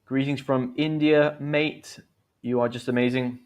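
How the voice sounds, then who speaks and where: This livestream host, an English teacher, has a medium-pitched, slightly mellow voice with a flat delivery and a somewhat slow pace. He chats, teaches, encourages, and reads viewers' comments aloud.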